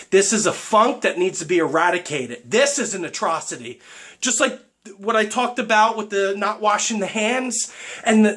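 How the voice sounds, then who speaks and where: High-pitched guy doing a fired-up gym rant, swearing, lots of "right?". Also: breathy edge. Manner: excitable, profane, keeps asking "right?". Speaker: fitness vlogger.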